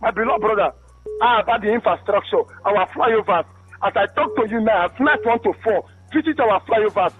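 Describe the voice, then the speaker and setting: Calling a radio studio over a muffled phone line, this Rivers State Nigerian man speaks a little fast in a high, slightly bright voice. His tone is impassioned and pleading, and "my beloved brother" comes up again and again as he addresses the host. Soft music plays behind him.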